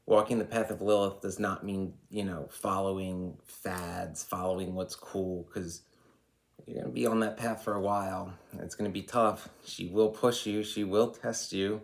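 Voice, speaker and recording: A man's voice: deep voice, vocal fry. An American man in his thirties hosting an occult channel, giving a rambling, opinionated spiritual monologue full of "you know.".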